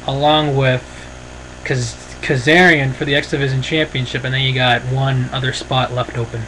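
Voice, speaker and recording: A man's voice: medium pitch, a bit bright, slight background noise, low-quality recording. A man giving a casual, rambling and opinionated review, often saying "freaking". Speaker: wrestling show reviewer.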